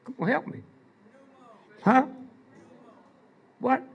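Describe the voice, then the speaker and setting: Older man, high husky voice, slow storytelling lecture, keeps prodding the crowd with "huh?". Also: lively intonation, dull audio. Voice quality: gravelly, husky. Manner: prods the audience with repeated "Hmm?" and "Huh?"; slow, drawn-out delivery with pointed pauses. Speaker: speaker addressing an audience. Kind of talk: storytelling lecture to a live audience.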